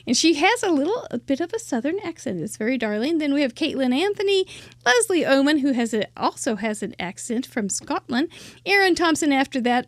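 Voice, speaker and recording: A woman's voice: sits high, no room sound, clean studio sound. A middle-aged woman hosting a live crafting show, bubbly and chatty, laughing often and tripping over names.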